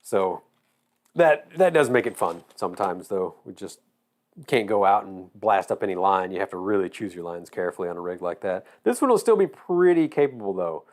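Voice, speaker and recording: A man from Georgia with a Southern accent, his voice going hoarse, chatting casually and rambling while he builds a model. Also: sits low, moderate pace. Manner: relaxed, rambling, drawling. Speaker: hobby shop owner.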